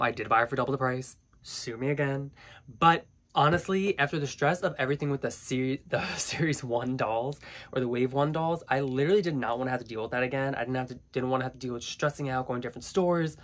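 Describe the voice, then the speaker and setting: A man in his twenties with a stuffy, nasal voice, chatting excitedly through a casual doll review vlog with lots of filler words. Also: mid-range voice. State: stuffy nose, congested.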